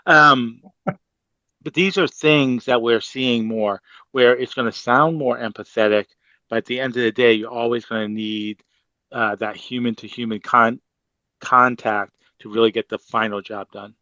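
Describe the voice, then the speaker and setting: Animated man with a Boston accent. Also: mid-range voice, a little slow, no room sound, dull audio. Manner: animated, emphatic, conversational. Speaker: panelist. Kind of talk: webinar panel discussion.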